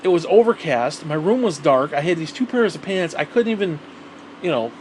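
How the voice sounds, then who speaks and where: Profane rambling man, fairly high voice. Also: expressive, moderate pace, slight background noise. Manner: profane, rambling, repeats himself, heated. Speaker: vlogger. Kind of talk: rambling monologue rant.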